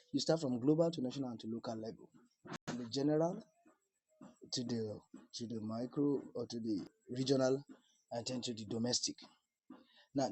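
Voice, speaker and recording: A man's voice: mid-range voice, a little mellow, slightly rough, low-quality recording. A man coaching viewers through an application in an instructional talk to camera, talking emphatically, repeating key points and restarting phrases.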